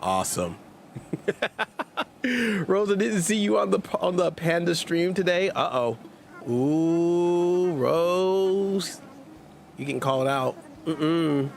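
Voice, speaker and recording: A let's play streamer with a high, creaky voice takes his time as he comments on gameplay and reads chat aloud. He's jokey and sarcastic in a casual way, and a little hiss or hum can be heard.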